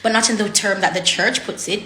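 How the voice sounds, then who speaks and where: A woman's voice: medium pitch, a little fast, bright, forceful tone, echoey room. A woman speaking candidly to her viewers in a vlog, blunt and raw, swearing freely and heavy with her words. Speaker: vlogger. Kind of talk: candid personal vlog talk.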